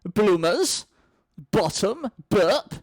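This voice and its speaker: A man's voice: sits high, sing-song, drawn-out words, dry recording, voice pushed up, exaggerated voice. A man reading a screenplay aloud, voicing a pompous, proud old male lexicographer who speaks grandly and indignantly. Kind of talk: screenplay read-through.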